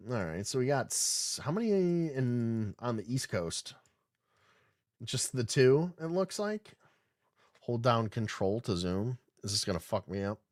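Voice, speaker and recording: A man hosting a loose podcast, reading stories aloud and breaking off to mock them. His voice rises and falls a lot as he riffs, sarcastic and often swearing. The sound is dry and close, with no room echo. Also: medium pitch. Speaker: podcast host. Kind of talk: casual live-stream commentary reading news aloud.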